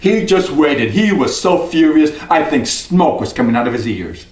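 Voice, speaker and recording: A male storyteller tells a folk tale in a high, expressive voice that swings widely in pitch. The sound is roomy, with the mic some way off. He sings short refrains between the narration. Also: moderate pace, far from the mic, noisy background.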